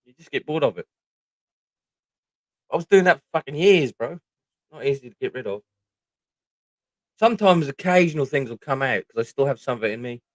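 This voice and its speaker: A man's voice: medium pitch, animated, brisk, long pauses, dry recording. A middle-aged man with a British accent, chatting casually on a livestream, rambling and swearing freely. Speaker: livestream host.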